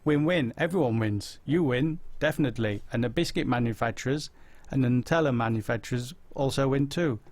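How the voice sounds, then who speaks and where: A man hosting a casual live-stream chat, rambling through viewers' comments with deadpan silly humor. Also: mid-range voice, brisk, no echo. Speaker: host.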